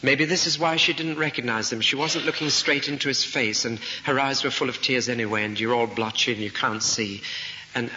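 Bright-voiced preacher man in an echoing hall. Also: mid-range voice. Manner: vivid storytelling, rhetorical questions. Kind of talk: sermon. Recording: dull recording in a reverberant hall, faint noise.

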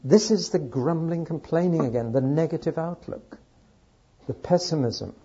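A man teaching through a Bible book to an audience, telling the story earnestly and dropping into quiet asides. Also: on the high side, normal speed, slightly rough, dull audio.

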